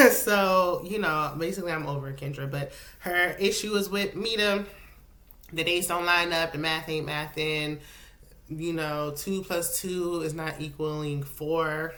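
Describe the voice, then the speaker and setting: A woman hosting a casual, opinionated reality TV recap, clearing her throat and coughing now and then. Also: low-pitched, a bit bright. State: coughing, with a lozenge in her mouth. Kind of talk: casual chat. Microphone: solo recording setup.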